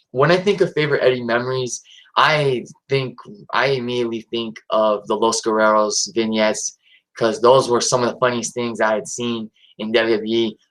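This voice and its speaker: A man's voice: mid-range voice, a bit bright, rough recording. Man rambling casually with many ums. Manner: hesitant, many fillers and restarts. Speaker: channel host. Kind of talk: casual live-stream tribute talk.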